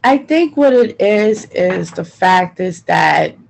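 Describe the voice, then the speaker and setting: A woman's voice: fairly low pitch, animated, slow pace, creaky, rough recording. A woman being interviewed, talking in an emphatic, frustrated way and repeating her points. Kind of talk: personal testimony interview.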